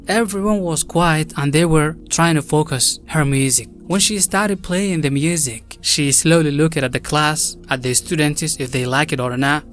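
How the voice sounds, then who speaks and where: A man's voice: a little high, lively intonation, moderate pace, hardly any pauses. A man casually narrating a true-crime story, chatting directly to viewers with loose, non-native phrasing. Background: faint background music.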